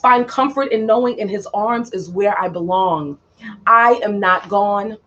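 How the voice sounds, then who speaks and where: A woman's voice: medium pitch, a bit bright. Woman reciting solemn spoken-word poetry. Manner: slow, solemn, repetitive delivery. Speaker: poet. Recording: dull lo-fi audio.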